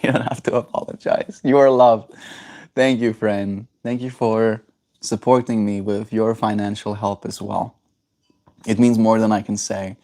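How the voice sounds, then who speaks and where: A man's voice: lowish voice, little pitch movement, unhurried, mellow. A man from South Africa chatting casually on a livestream, rambling and answering chat messages aloud.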